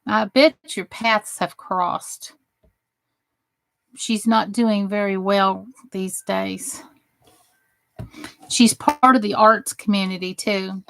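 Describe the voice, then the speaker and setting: A woman's voice: mid-range voice, vocal fry, fairly bright tone, no echo. A woman from New Jersey hosting a crafting livestream, chatting casually and greeting viewers by name as she works. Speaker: crafting channel host.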